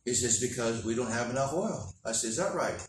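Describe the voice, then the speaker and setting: A man preaches in a relaxed, folksy way, acting out both sides of a conversation. His voice sits at a middle pitch and carries from some distance off the mic. The room is echoey, with faint noise in the background. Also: a little fast. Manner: folksy anecdotal telling with quoted dialogue. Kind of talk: sermon storytelling.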